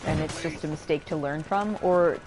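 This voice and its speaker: A woman's voice: low voice, moderate pace, background noise. A young woman casually commenting as she streams a video game, chatty and laughing, reading chat aloud and swearing.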